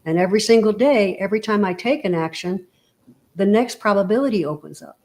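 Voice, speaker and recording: A woman's voice: mid-range voice, brisk, darkish tone. A woman guest on an interview show, talking casually and explaining her ideas with everyday analogies and frequent check-ins with the listener. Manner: explanatory, full of analogies and "you know". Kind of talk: casual motivational conversation.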